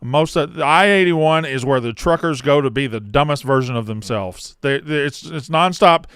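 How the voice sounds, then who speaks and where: A man's voice: on the high side, normal speed, a bit bright, smooth, no room sound. A man co-hosting a sports podcast in casual studio chat, joking and ranting with plenty of swearing. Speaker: podcast co-host.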